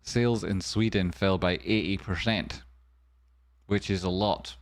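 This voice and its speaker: Guy doing a jokey stock news rundown, kinda low voice, wry asides. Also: fairly even intonation, measured pace. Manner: wry, jokey asides, sudden softer murmurs. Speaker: stock stream host. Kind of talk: comedic market news rundown.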